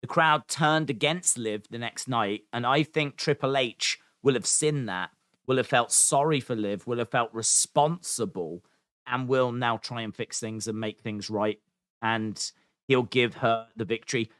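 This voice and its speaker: A man's voice: mid-range voice, unhurried, a bit bright, no room sound, clean studio sound. A man co-hosting a wrestling podcast, chatting in a rambling, self-deprecating way. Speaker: podcast co-host. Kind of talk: casual podcast chat.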